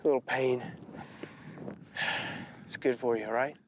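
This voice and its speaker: A man filming a casual livestream outdoors on a snowy mountain, chatty and loose, pausing to catch his breath. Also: mid-range voice, steady tone, muffled recording, heavy background noise.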